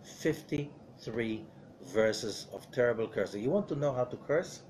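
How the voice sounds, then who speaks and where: Man, rabbi, Zohar lesson, conversational, rhetorical questions, animated pitch. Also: slow pace, a little hiss or hum. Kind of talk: Torah study lesson.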